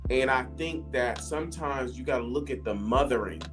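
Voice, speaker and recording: A man's voice: medium pitch, normal speed. A man in his forties chatting casually and earnestly, telling personal family stories with emotion. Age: 40s. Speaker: podcast co-host. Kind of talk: casual chat. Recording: music playing behind.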